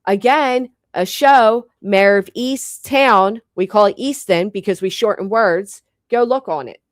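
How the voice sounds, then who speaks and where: A woman's voice: mid-range voice, unhurried, no room sound, studio quality. A woman hosting a casual live chat with viewers, blunt and joking, swearing freely, with a local American accent that drops the final g. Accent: local regional American, drops final g. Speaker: livestream host.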